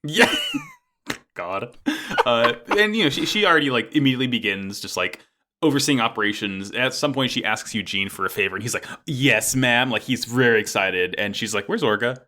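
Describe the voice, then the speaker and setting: Lively bright-voiced man recapping an anime. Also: medium pitch, a little fast, slight background noise. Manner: animated, laughs often, acts out characters' lines. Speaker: podcast co-host. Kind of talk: casual chat recapping an anime.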